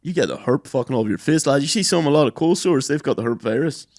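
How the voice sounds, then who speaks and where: A young man, co-hosting a podcast in crude, animated casual chat. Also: mid-range voice, fast talker, dry recording, studio quality. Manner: crude, animated, slips into mocking voices. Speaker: podcast co-host.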